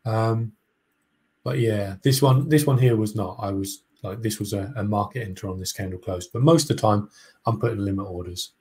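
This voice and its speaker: A man with a husky, slightly breathy voice talks through his trades in a relaxed, casual way. He explains things step by step and often restarts his sentences. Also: fairly low pitch, normal speed. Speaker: co-host trader. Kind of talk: casual trading chat.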